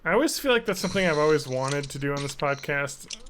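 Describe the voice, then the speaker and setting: A man's voice: on the high side, expressive, quick pace, a bit bright, a little hiss or hum. A man hosting a casual live-streamed podcast, rambling and joking while he plays a game. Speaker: podcast host.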